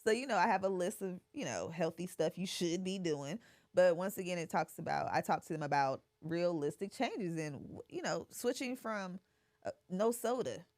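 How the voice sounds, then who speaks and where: A woman's voice: lowish voice, moderate pace. A woman, a surgeon guest chatting frankly and practically on a podcast. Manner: animated, laughs often, frank and practical. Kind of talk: casual podcast chat.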